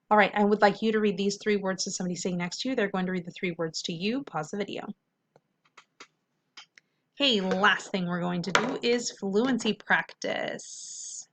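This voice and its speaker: A woman teaches a phonics lesson to young students in a friendly, encouraging way. She slows right down to sound out each syllable and then says the whole word. Her pitch sits in the middle for a woman. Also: steady tone. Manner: slow, drawn-out syllables when sounding out words.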